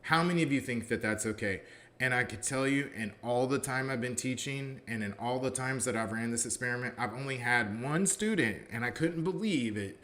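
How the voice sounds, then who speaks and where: A man's voice: medium pitch, normal speed, few pauses, a bit bright. A male college philosophy professor telling a story in a casual, conversational way, often saying "you know" and acting out what people said. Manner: acts out quoted dialogue in his stories.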